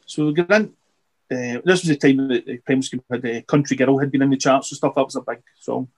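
A middle-aged man, a podcast guest, chatting casually and rambling with halting restarts and repeated words. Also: mid-range voice, fairly even intonation, darkish tone. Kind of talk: casual interview chat.

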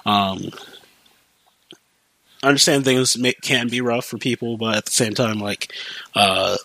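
A man's voice: medium pitch, unhurried, creaky, sharp tone, no room sound. A young man hosting a podcast, telling a story casually with lots of fillers, restarts and swearing. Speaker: podcast host.

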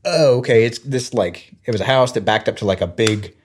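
A man's voice: medium pitch, brisk, slightly rough. A man in his thirties from Georgia in the US, telling family stories in a casual chat and acting out the voices of the people in them. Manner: animated retelling, acts out quoted voices.

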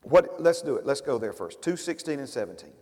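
A man preaching a sermon as pastor, with loud, emphatic bursts that drop to quiet, quick asides. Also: mid-range voice, big pitch swings. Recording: long hall reverb.

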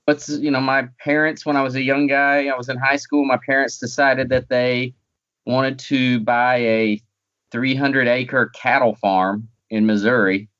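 A man's voice: mid-range voice, little pitch movement, measured pace, a bit bright, muffled recording. A man with a light North Carolina accent, a guest in a casual interview, talking with dry, self-deprecating humor.

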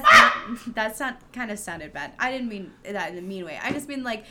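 A woman co-hosting a podcast in casual chat, playful and quick to laugh. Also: medium pitch, lively intonation, bright, forceful tone, a little hiss or hum. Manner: giggly and playful, laughs often. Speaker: podcast co-host.

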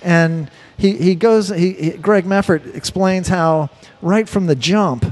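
A man's voice: high-pitched, slow, darkish tone. A man co-hosting a casual talk show, rambling and profane, often repeating words while he searches for them. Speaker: podcast co-host. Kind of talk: casual chat.

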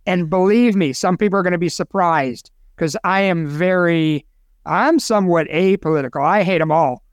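A man's voice: high-pitched, moderate pace, clean tone, dry recording, clean studio sound. A man co-hosting a casual podcast chat, opinionated and rambling, getting himself worked up. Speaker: co-host.

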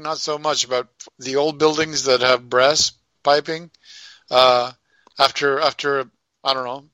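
A man with a bright, forceful voice talks thoughtfully and a little haltingly, filling his pauses with "uh". The recording is dry and close. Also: mid-range voice, no room sound, rough recording. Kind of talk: casual chat.

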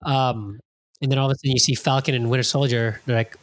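Animated, profane man hosting a podcast. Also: medium pitch, quick pace, dry recording. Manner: animated and profane, acting out his own reactions. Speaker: podcast host. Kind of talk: casual chat.

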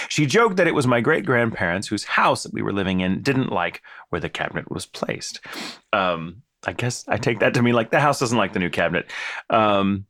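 A man's voice: fairly low pitch, no room sound, clean studio sound. A man co-hosting a casual podcast, reading listener ghost stories aloud with frequent laughs and stumbles. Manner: animated, laughs often, stumbles while reading.

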